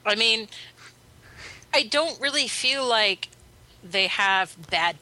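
A woman's voice: fairly high pitch, expressive, takes it slowly, bright, forceful tone, a little hiss or hum, rough recording. A woman co-hosting a casual podcast, teasing the others and telling stories. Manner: teasing, storytelling. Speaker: podcast co-host.

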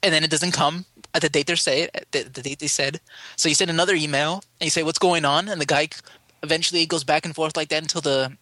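Bright-voiced man telling a story. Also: fairly high pitch, fast talker, no room sound. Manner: animated storytelling, acts out quoted people. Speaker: podcast co-host. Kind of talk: casual podcast chat.

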